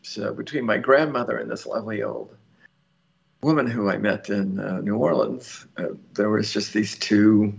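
A man tells a long story as an interview guest, rambling and chatty, with frequent ums and restarts. His voice has a gravelly, creaky edge. The recording sounds somewhat dull and lo-fi. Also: lowish voice, expressive, moderate pace. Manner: laughs easily. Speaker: lottery winner guest.

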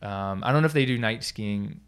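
A man's voice: on the low side, normal speed, smooth. A man from the US East Coast, a physical therapy business coach, talking casually to listeners with many fillers and restarts. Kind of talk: casual podcast talk.

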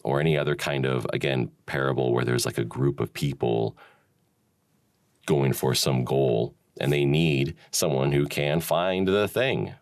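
A man's voice: extremely low pitch, fairly even intonation, measured pace, no echo, studio quality. A man hosting a solo talk, rambling and musing with frequent chuckles and restarts. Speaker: podcast host. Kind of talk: solo reflective monologue.

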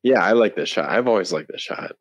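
A young man co-hosts a podcast in easy, casual chat, mostly giving short replies. His voice is very low for a man. The recording is dry and close. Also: expressive, quick pace, no echo. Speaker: podcast co-host.

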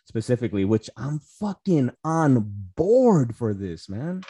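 A man's voice: medium pitch, big pitch swings, slow pace, dark tone, slightly rough, dry recording. Rambling man chatting about movies. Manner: rambling, lots of fillers and swearing. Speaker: podcast co-host. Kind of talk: casual movie discussion.

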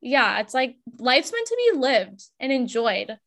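A woman's voice: high-pitched, sing-song, a little slow, a bit bright. A young woman hosting a podcast, chatting in a bubbly, rambling way with lots of "like". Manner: bubbly, chatty, heavy use of "like". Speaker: podcast host. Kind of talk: casual podcast conversation.

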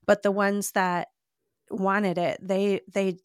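A woman's voice: medium pitch, flat delivery, slow pace, smooth, no echo, clean studio sound. A woman as a podcast guest, telling a personal faith testimony in an earnest, heartfelt way, often saying "like". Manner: earnest, heartfelt storytelling with frequent "like".

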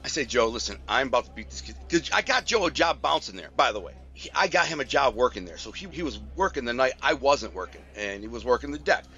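A man's voice: medium pitch, big pitch swings, fast talker, creaky, few pauses, bright, forceful tone, dull audio. A man casually telling a personal story in a rambling, slangy way, full of fillers and restarts.

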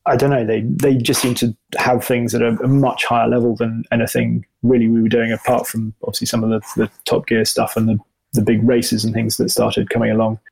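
Gravelly man, rambling. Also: medium pitch, little pitch movement, fairly quick, darkish tone, low-quality recording. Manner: rambling, self-deprecating, many restarts. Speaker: motoring journalist and video presenter. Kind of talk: reflective interview answers.

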